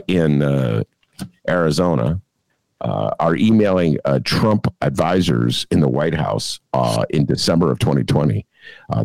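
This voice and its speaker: A man hosting a political talk show, animated and laughing, often mocking others in put-on voices. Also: very deep voice, creaky, no echo. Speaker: podcast host. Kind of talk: casual political commentary.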